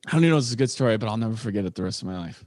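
A man's voice: fairly low pitch, lively intonation, racing, a little mellow, no echo. A man co-hosting a podcast, telling a rambling story full of asides over a video call. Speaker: podcast co-host. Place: home room on a video call. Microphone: video call microphone.

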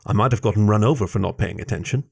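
A man reading a first-person story aloud with expressive narration. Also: on the low side, very fast, gravelly, husky.

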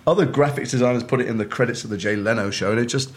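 A middle-aged man from Liverpool, a guest actor telling animated stories over a meal and acting out quoted voices. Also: mid-range voice, racing. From north of England, Liverpool. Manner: animated storyteller who acts out quoted voices. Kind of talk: casual chat over a meal. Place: restaurant table.

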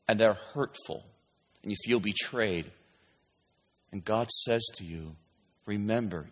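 A man preaching a sermon in an emphatic, animated way, often pausing to ask his listeners if they understand. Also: mid-range voice. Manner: emphatic, repeatedly asking "do you understand?". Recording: long hall reverb.

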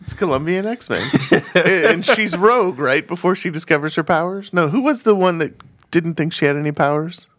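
A man's voice: on the high side, lively intonation, moderate pace, fairly bright tone. A man co-hosting a movie podcast in a loose, rambling, laughing chat. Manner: laid-back, rambling, laughs often. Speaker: podcast co-host. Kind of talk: casual chat.

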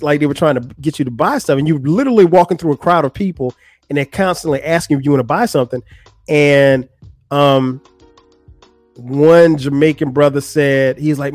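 A man in his forties hosts his podcast, telling a personal story in loose, slangy talk full of restarts. His voice sits a little high and sounds dry and close. Soft music plays faintly underneath. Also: normal speed, no echo. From United States. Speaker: podcast host. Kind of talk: casual storytelling.

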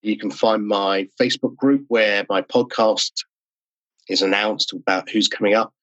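A man's voice: on the low side, steady tone, a bit bright, no room sound, dull audio. A man talking on a video call interview, enthusiastic and explanatory. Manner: enthusiastic, explanatory, quick asides. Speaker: podcast host and interview guest. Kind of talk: casual interview talk.

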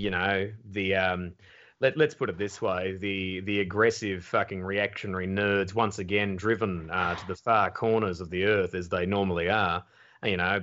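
A man with an Australian accent, a comedian telling stories in casual podcast chat, animated and swearing freely. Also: sits low. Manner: animated storyteller, swears freely, acts out quotes. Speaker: comedian guest. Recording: dull lo-fi audio.

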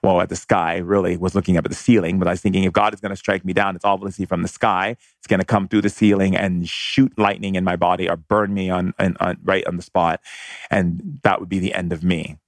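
Deep gravelly man telling a story. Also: a little fast, dry recording, studio quality. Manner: animated, laughs while recalling. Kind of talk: personal story monologue.

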